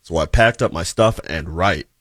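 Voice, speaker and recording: A man's voice: low-pitched, normal speed, a bit bright, no echo, clean studio sound. A man on a morning radio team, teasing the host and grumbling about bad jokes. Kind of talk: casual on-air banter.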